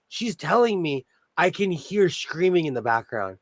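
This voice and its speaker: Brief: male sewing host, Minnesotan-sounding accent, chatty and laughing, slightly high voice. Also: big pitch swings, normal speed, no echo. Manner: chatty storyteller who laughs often. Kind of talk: casual livestream chat. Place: home sewing room.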